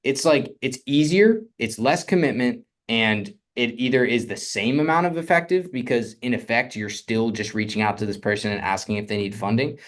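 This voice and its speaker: A young man coaching on real estate funding in a casual, energetic teaching talk, often asking "right?". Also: mid-range voice, normal speed, few pauses.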